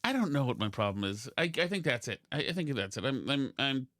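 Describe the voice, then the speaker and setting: A man's voice: medium pitch, very animated, a little fast, a bit bright, no room sound, clean studio sound. A man hosting a podcast, rambling and self-deprecating in casual comedic chat, full of restarts. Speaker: podcast host.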